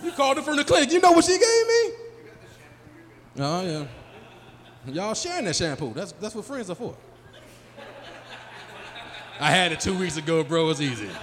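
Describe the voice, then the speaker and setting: A man in his forties doing a live stand-up set, working the crowd loudly and acting out his friends in high, excited voices. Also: moderate pace, long pauses. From Chicago area. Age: 40s. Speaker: stand-up comedian. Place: small live venue. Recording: live room with long reverb and faint hum.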